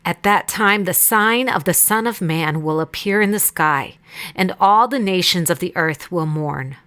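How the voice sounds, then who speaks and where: A woman reading Bible passages aloud in a measured, deliberate way. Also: on the low side, a bit bright, clean tone. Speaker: Bible reader. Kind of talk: scripted scripture reading.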